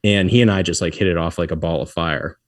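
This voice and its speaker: This deep-voiced, middle-aged man is a guest on a podcast, speaking fast in a studio-quality recording with no room sound. He tells stories in a relaxed, lively way, imitating what others said and laughing a lot.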